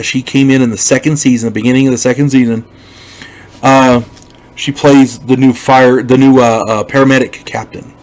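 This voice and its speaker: A man's voice: medium pitch, poor audio. An older man giving a casual, opinionated review of a TV series, talking bluntly and rambling with lots of restarts. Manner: rambling, with frequent restarts and repeated words; emphatic, blunt.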